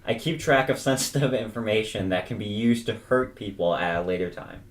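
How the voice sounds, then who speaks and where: A young woman with an unusually low voice reads out quiz questions on a podcast. Her delivery is dry and deadpan. The sound is roomy and echoey. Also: fairly quick. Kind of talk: casual chat. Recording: echoey room.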